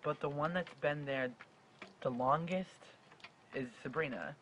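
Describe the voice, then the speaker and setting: A man's voice: on the high side, a little slow, fairly bright tone, rough recording. A young man in his late teens talking straight to the camera in a sincere, heartfelt vlog. He stutters and restarts words now and then. A faint background hum sits under his voice. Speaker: vlogger. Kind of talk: personal advice vlog.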